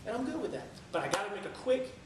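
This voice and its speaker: Energetic man giving a speech, echoey room. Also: sits high, quick pace. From Tampa area. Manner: energetic storytelling, sings a few lines. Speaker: public speaker. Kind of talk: motivational speech. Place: meeting room. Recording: echoey room from far off, faint noise.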